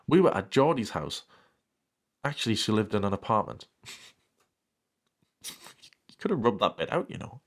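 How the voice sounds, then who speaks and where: A man's voice: lowish voice, very animated, a little slow, pauses often. A man reading a fan story aloud and breaking off for dry, sarcastic comments. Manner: dry sarcastic interruptions, mock outrage. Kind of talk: comedic reading with sarcastic asides.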